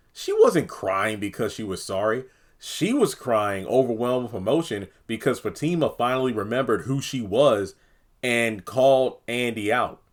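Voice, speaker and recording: A man hosting his own TV review channel, talking casually and with exasperation, rambling and sometimes acting out characters' lines. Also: medium pitch. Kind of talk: casual solo review talk.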